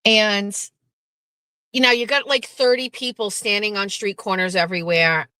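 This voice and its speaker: A woman hosting a show, telling a story in a casual, animated monologue, blunt and swearing freely as she acts out what people said. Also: medium pitch, normal speed, no room sound. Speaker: show host.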